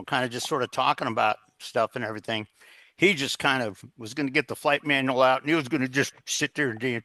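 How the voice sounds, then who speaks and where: A man's voice: medium pitch, bright, forceful tone, no room sound. A man telling an earnest story as a guest in a casual interview, acting out the dialogue as he goes. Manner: earnest, anecdotal, quotes others in dialogue.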